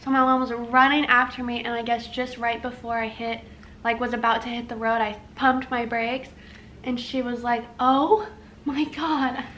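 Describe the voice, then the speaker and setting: A woman's voice: a little high, level tone, moderate pace, pushed and bright, lo-fi sound, a little hiss or hum. A young woman vlogging, chatting casually and reading out questions to her husband. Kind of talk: casual chat.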